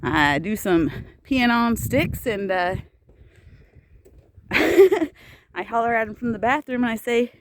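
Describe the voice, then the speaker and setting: A woman's voice: a little high, expressive, takes it slowly, pauses often, slight background noise. A woman casually telling a personal story to camera while walking outdoors on an icy path, chatty and laughing often between phrases. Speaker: vlogger.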